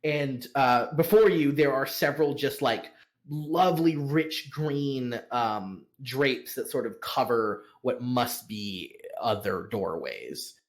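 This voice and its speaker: A man narrating as game master of a tabletop game, halting and filling his scene descriptions with pauses. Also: mid-range voice, animated. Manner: halting, full of fillers and slowed descriptions.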